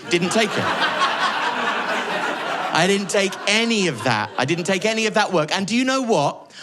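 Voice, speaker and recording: A man doing live stand-up on a stage mic, sardonic, swinging from loud mock-boastful ranting to quiet, reflective confession. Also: high-pitched, lively intonation, moderate pace. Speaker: stand-up comedian. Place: comedy venue stage with live audience.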